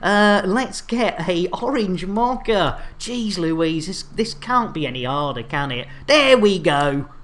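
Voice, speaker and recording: Live-streamer, jolly showman banter, lively pitch, home desk mic. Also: slow, hardly any pauses. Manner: jolly, chatty, music-hall showman patter. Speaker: game streamer. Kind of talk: casual live-stream chat.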